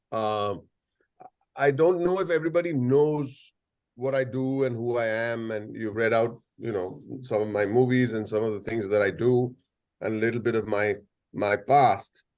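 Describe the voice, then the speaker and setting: A man's voice: medium pitch, moderate pace, a little mellow. A man in his sixties with an Indian English accent, telling playful anecdotes to an audience over a video call. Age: 60s. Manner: playful, storytelling, jokes and asides. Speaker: guest speaker.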